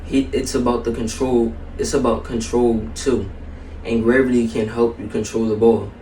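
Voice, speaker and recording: A man reading a children's story aloud in a steady, even storybook manner. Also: mid-range voice, moderate pace, distant mic, a little hiss or hum. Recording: echoey room, a bit off-mic.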